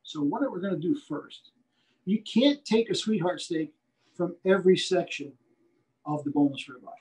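During a live butchery demo, the instructor speaks in a folksy, repetitive manner, driving home key points and checking in with "okay?" often. His slightly high voice is animated, moderately paced and darkish, heard on a rough recording.

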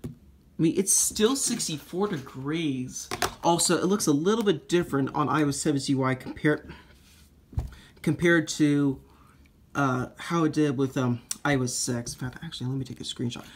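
A man's voice: on the high side, a little hiss or hum. Foul-mouthed, hot-tempered young man. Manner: profane, rambling, quick to blow up. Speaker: iPhone jailbreak tinkerer. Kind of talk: casual screen demo commentary.

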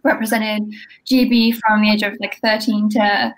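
A woman's voice: mid-range voice, little pitch movement, moderate pace, rough recording. Giggly young woman, podcast guest. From Britain. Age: young adult. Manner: giggly, hesitant, many fillers. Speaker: guest, former gymnast. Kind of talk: casual podcast interview.

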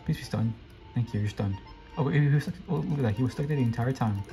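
A young man giving live, excitable commentary while playing a video game, often repeating quick exclamations. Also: medium pitch, soft background music, poor audio. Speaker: gameplay streamer.

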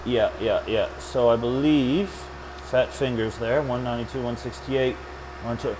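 A man's voice: medium pitch, moderate pace, background noise. Chatty man demoing in a server lab. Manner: joking, chatty, rambling asides. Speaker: storage engineer presenting a build. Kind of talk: casual hands-on tech demo.

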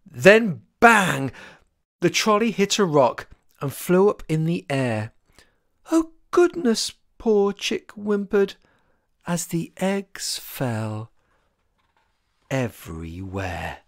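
An author reads a rhyming children's picture book aloud at an unhurried pace. The voice swoops up and down with an expressive, sing-song rhythm, and each line of verse is given its own shape. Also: medium pitch, dry recording, clean studio sound.

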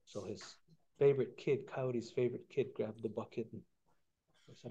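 A man retelling a traditional story during a lecture, relaxed and conversational, acting out the characters. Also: medium pitch, moderate pace, husky, highs cut off. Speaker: guest speaker.

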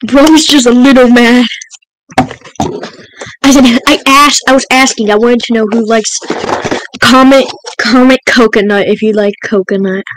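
A man's voice: very high-pitched, steady tone, unhurried, long pauses, background noise. A male podcast co-host chatting casually, joking around and rambling. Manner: goofy, joking, rambling with lots of "bro" and "like". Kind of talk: casual chat.

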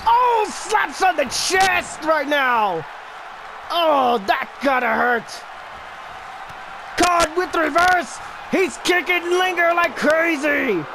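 A man giving excited play-by-play commentary on a wrestling video game match, often shouting and exclaiming. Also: very high-pitched. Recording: noticeable background noise.

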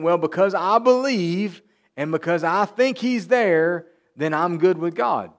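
Male pastor preaching, emphatic and repetitive, voice sitting a little high, slow on scripture quotes. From Tennessee. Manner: emphatic preaching, repeats key phrases, quotes scripture slowly. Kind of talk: sermon. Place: church sanctuary.

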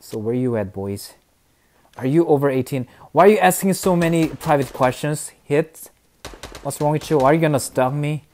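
A young man streaming a video game, chatting casually and excitably, often laughing and mumbling then cheering loudly. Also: a little high, moderate pace. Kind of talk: casual live gameplay commentary.

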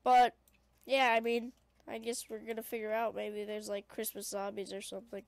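Woman, high voice, gameplay commentary, excitable, voice cracks, sniffly, dry close recording. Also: moderate pace, no room sound. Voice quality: prone to voice cracks. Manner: excitable, shrieking and chattering at the game. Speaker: gaming video creator.

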